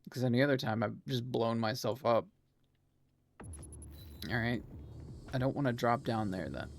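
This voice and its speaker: A man's voice: medium pitch, moderate pace, a little hiss or hum. A man streaming a video game, chatting casually as he plays, laughing often and swearing now and then. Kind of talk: casual gameplay commentary.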